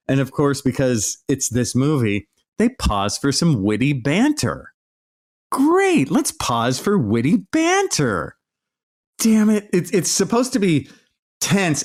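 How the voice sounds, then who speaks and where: A man hosting a podcast, delivering an exasperated, sarcastic solo rant with plenty of swearing. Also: medium pitch. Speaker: podcast host.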